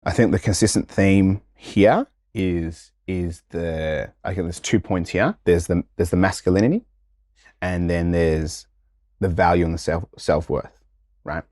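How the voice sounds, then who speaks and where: A man, a guest in a casual interview, telling stories in a slangy, animated way and acting out the voices of people in them. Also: deep voice, measured pace, no room sound, clean studio sound.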